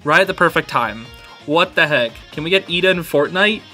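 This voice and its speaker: A man hosting a reaction video, excitable, laughing often and saying "dude" a lot. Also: a little high, brisk, faint music behind. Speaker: host reacting to fan videos. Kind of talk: casual reaction commentary.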